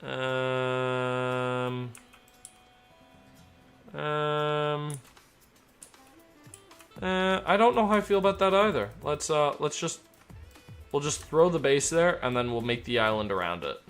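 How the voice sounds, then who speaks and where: A man streaming a flight game, chatting loosely with lots of fillers and switching into crisp radio phraseology as a tower controller. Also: on the high side, slow pace, long pauses, a bit bright, faint music behind. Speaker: streamer and virtual air traffic controller. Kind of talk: casual live-stream chat.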